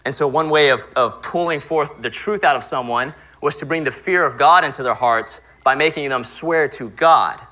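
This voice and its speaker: A man's voice: medium pitch, bright, forceful tone, low-quality recording. A man, likely a young adult pastor, giving a conversational sermon and acting out little quoted exchanges. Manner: conversational, acts out quoted voices.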